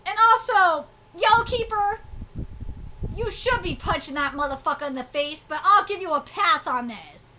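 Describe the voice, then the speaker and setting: A woman reading manga dialogue aloud on a live reaction stream, loud, excitable and heavily profane. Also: very high voice, moderate pace. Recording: loud background noise.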